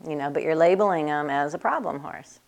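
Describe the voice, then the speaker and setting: A woman with a low, creaky voice talks a little fast, telling casual stories in a chatty way. She works on horses as an equine bodywork practitioner and teaches students, and she acts out other people's voices in quotes and laughs often.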